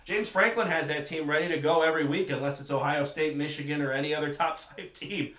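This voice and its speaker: A man's voice: on the high side, fairly even intonation, quick pace, a bit bright, distant mic. A man from the northern United States hosts his own sports commentary. He talks in an opinionated way and keeps returning to his main points. He sits a little back from the mic in a roomy, echoing space. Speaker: sports podcast host. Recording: echoey room, voice away from mic.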